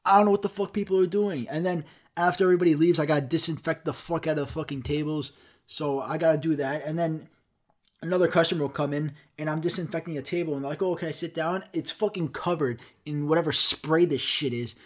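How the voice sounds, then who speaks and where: A man's voice: a little high, steady tone, quick pace. Profane, exasperated young man ranting. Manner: acts out customers and himself in quoted dialogue. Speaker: podcast host. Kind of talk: solo podcast rant. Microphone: studio microphone.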